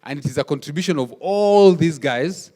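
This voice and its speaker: A man leading a workshop talk, telling family stories in an animated way and acting out the dialogue. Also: a little high, normal speed. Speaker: workshop speaker. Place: conference hall. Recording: reverberant hall.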